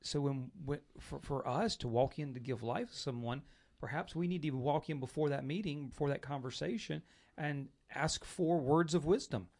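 A man speaking in a reflective, measured way in a casual conversation. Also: fairly high pitch, a little mellow.

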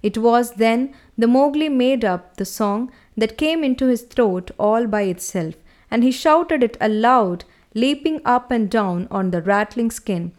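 A woman narrating a storybook in a halting reading that stumbles over words. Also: on the high side, darkish tone.

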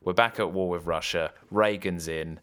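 A man's voice: low-pitched, steady tone, normal speed, fairly bright tone, clear, resonant tone. A man co-hosting a podcast, riffing sardonically in casual comedic banter. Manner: jokey, sardonic, riffing on absurd ideas. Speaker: podcast co-host.

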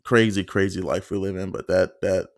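A man's voice: deep voice, fairly even intonation, normal speed, dry recording, studio quality. A man hosting a solo podcast, telling a story in a casual, profane, rambling way with lots of fillers and acted-out quotes. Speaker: podcast host.

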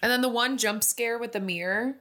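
A woman's voice: a little high, a little fast, pushed and bright. A woman co-hosting a casual movie chat in a playful, teasing, joking way. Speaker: podcast co-host.

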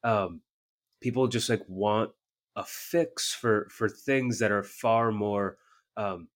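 A man who works as a therapist, chatting casually with frequent restarts and repeated words. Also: lowish voice. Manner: halting, many restarts and fillers. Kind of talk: casual conversation.

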